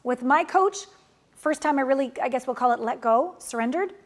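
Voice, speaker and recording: High-voiced lady coach, blunt and casual, swears a bit, goes loud and punchy then soft and tender. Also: moderate pace. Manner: emphatic and animated, swinging between loud pushes and soft, tender passages. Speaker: relationship and manifestation coach. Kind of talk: coaching course lesson.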